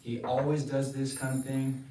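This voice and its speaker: A man's voice: mid-range voice, flat delivery, moderate pace, lightly acted. A man playing a devoted god pleading with his wife. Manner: earnest, pleading, soft-spoken. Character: tender devoted male god, pleading husband. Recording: roomy, distant mic, faint noise.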